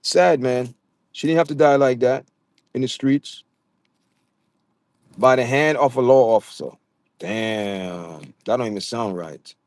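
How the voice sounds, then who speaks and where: A man's voice: medium pitch, measured pace, pauses often, a little mellow, no room sound, studio quality. A man with a Jamaican accent hosting a casual livestream, talking straight to his chat viewers and often stammering and repeating words. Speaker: livestream host.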